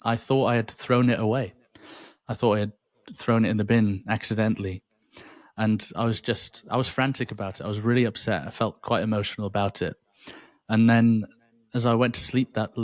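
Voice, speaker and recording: Earnest man, low voice. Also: no room sound. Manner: thoughtful, earnest, with frequent restarts. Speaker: podcast guest. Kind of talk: reflective faith interview.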